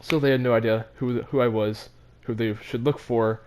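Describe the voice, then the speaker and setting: A man's voice: medium pitch, steady tone, moderate pace, a little mellow. Teenage boy telling a story casually. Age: teens. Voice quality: laughs between phrases, restarts and stumbles. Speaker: vlogger.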